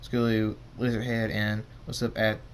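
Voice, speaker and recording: A man reading a pony fan story aloud as narrator, halting and correcting himself as he goes. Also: lowish voice, completely flat delivery, slight background noise. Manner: halting, stumbling and self-correcting.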